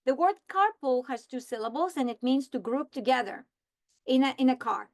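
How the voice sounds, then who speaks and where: A woman explaining how to teach a reading lesson, slowly modeling the script she would read to students. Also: high voice, lively intonation. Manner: slow, deliberate modeling of a script. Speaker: teacher trainer. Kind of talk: instructional walkthrough.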